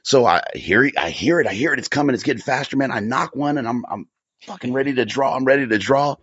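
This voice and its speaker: A man, a guest on a podcast, telling a story in a casual, profane, animated way and often repeating himself. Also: mid-range voice, fast talker, husky, no room sound. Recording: dull lo-fi audio.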